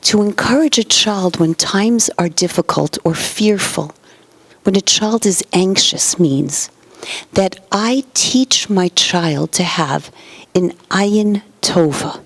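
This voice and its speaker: A woman giving a parenting lecture in numbered points, acting out quoted parents and children and often dropping to a soft whisper. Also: medium pitch, slow pace, dry recording. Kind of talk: motivational lecture.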